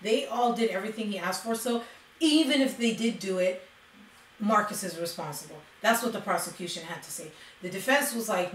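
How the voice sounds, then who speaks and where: A woman's voice: mid-range voice, brisk. A woman hosting a true crime video, telling the story casually and reading out quotes. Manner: chatty, reads quotes aloud, frequent "like". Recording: roomy, distant mic with faint noise.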